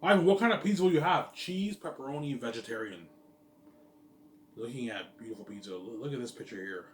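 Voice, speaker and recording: A man's voice: mid-range voice, a little fast. Rambling man in an echoey room. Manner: repetitive, keeps saying "yeah, man" and "look at that". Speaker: vlogger describing his company plans. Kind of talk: casual rambling monologue. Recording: echoey room, distant mic, faint ambient noise.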